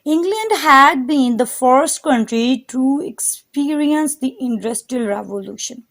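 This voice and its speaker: A woman teacher reads a history chapter aloud at an unhurried pace. She stops to explain difficult words and turns to her students now and then. Her delivery is steady and deliberate. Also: high-pitched. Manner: addresses her students directly. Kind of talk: textbook reading and explanation.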